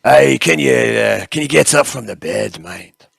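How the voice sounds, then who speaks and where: A man's voice: medium pitch, expressive, measured pace, creaky, fairly bright tone, breathy edge, dry recording, clean studio sound, heavily acted. A man voicing a blunt, scarred male interrogator in a put-on Scottish accent, asking clipped questions. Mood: brusque.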